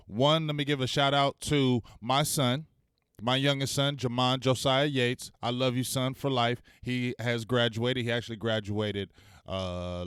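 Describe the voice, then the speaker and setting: A man in his forties hosting a casual live-stream sports talk show, energetic and salty, firing off shout-outs. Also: medium pitch, clear, resonant tone, dry recording, studio quality.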